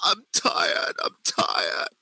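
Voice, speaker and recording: A man's voice: drawn-out words, sharp tone, dry recording, exaggerated voice, low-quality recording. A man voicing a desperate, exhausted man who weeps and pleads as his voice breaks. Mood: sobbing despair. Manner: sobbing, breaking voice.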